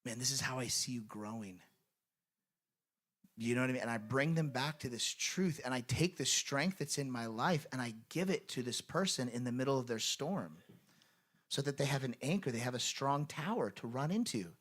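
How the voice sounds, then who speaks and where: A man's voice: mid-range voice, animated, brisk, fairly bright tone. A man preaching a sermon in a church in an earnest, conversational way, with lots of fillers. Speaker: pastor. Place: church sanctuary.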